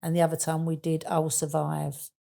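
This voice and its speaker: A woman's voice: low-pitched, monotone, fairly quick, gravelly, warm tone. A woman in her sixties with a Cockney accent, guest in an interview, telling stories in chatty casual talk. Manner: chatty storytelling with fillers like "and that".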